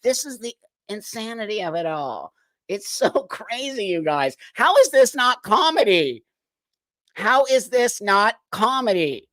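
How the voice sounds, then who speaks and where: A man's voice: sits high, very animated, measured pace, a bit bright, dry recording. A man hosting a livestream, reacting to clips with incredulous, exasperated commentary and frequent laughter. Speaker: livestream host.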